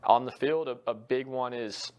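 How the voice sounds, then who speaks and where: A man's voice: mid-range voice, normal speed, a little mellow. A young man, a college soccer head coach, giving earnest, reflective interview answers with frequent fillers.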